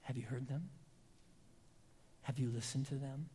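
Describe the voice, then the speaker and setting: A preacher gives a sermon in a church sanctuary, and the voice trails off into a long hall reverb. The delivery is emphatic, full of dramatic pauses, and swings from loud passages to hushed, near-whispered lines. The pitch sits in an ordinary middle range. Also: slight background noise.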